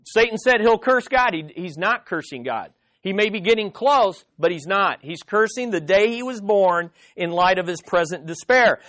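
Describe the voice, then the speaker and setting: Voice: medium pitch, fairly bright tone. Emphatic Bible teacher quizzing a live group. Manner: emphatic, questions the listeners directly.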